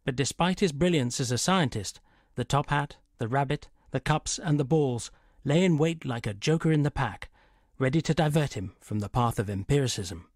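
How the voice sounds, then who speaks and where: A man's voice: medium pitch, animated, moderate pace, no room sound, clean studio sound. A man reading scripted documentary narration in a wry, polished way.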